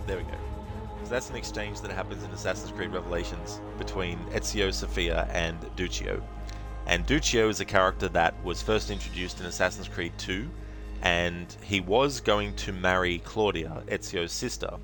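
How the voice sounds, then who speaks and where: Deep-voiced, rambling male game streamer. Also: fairly even intonation, normal speed, music in the background. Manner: rambling, chatty, many fillers, thanks viewers. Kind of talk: casual live-stream chat.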